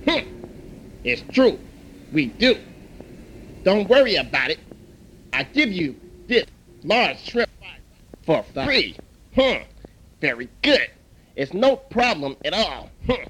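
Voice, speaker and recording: Old male restaurant elder, calm, slow, humming, soothing comedy-skit voice, a man doing it. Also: high voice, slightly rough, heavily acted, poor audio. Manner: slow and soothing, hums between phrases.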